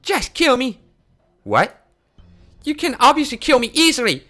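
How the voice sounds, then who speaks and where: A man reading a game aloud, voicing a fierce, vengeful young woman fighter who shouts and hurls insults. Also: very high voice, sing-song, unhurried, faint music behind, pitched above the performer's own voice, full character voice. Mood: defiant.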